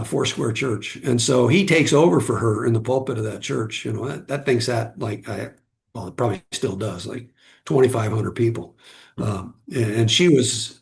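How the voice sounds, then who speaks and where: Gravelly-voiced man telling earnest stories. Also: medium pitch. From Southern California. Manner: earnest, rambling, long asides. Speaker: podcast guest. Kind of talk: personal storytelling.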